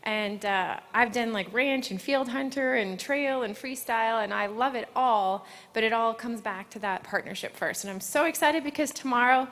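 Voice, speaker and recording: A woman's voice: a little high, normal speed, hardly any pauses, fairly bright tone. A young woman horse trainer being interviewed after a win, bubbly, earnest and close to tears. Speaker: award-winning horse trainer. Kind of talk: on-the-spot interview. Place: large covered horse arena. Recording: long echo of a large covered arena.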